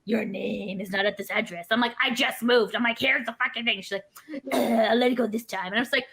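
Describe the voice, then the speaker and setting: A woman's voice: a little high, brisk, vocal fry, slightly rough. A woman co-hosting a podcast, telling rambling, profane stories in casual chat. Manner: rambling, profane, animated storytelling. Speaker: podcast co-host.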